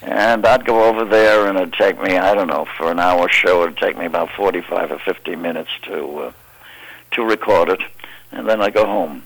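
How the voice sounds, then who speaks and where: An older man recounts his career in an interview, wandering through his stories with frequent pauses. His voice sits very low, with a gravelly, husky grain. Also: steady tone, a bit bright, low-quality recording. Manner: halting, meandering anecdotes. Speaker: actor guest. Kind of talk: interview storytelling.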